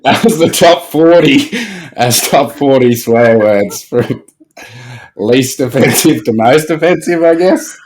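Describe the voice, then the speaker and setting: Swearing podcast host. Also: male voice, mid-range voice, takes it slowly, darkish tone, slight background noise. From Australia. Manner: swears freely, laughs often. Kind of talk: casual podcast chat.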